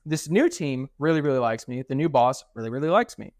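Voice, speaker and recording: A man's voice: medium pitch, animated, brisk, a little mellow, no echo. Dry-sounding young man telling stories. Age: young adult. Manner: swears freely and acts out quoted dialogue. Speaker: podcast co-host. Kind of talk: casual storytelling chat.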